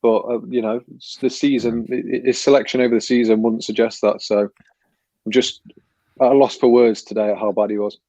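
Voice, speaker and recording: A man's voice: mid-range voice, little pitch movement, brisk, dark tone, no room sound. A man on a fan panel video call, rambling in frustration with many restarts. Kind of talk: casual fan panel chat.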